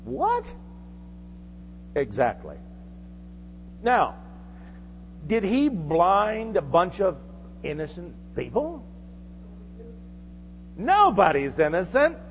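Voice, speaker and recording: Male preacher, fervent sermon, lively high voice, long reverb in a hall. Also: takes it slowly, long pauses, a little hiss or hum. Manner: fervent, emphatic, rhetorical questions to congregation.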